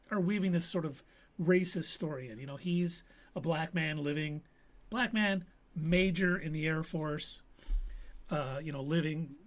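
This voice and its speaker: A man hosting a live stream, casually recapping a TV episode and acting out quotes from the characters. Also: a little high. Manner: animated storytelling with acted quotes. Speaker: podcast host.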